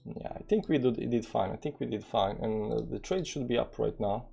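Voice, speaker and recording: Gravelly man with a Balkan accent. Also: medium pitch, moderate pace, dark tone, soft background music. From former Yugoslavia. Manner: rambling, many fillers, reads out numbers. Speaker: crypto trading streamer. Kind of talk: casual live trading commentary.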